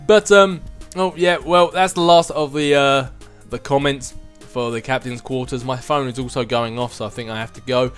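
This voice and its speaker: A man's voice: medium pitch, moderate pace, a bit bright, faint music behind. A man hosting his own gaming channel, answering viewer questions in a casual, chatty way and chuckling between thoughts.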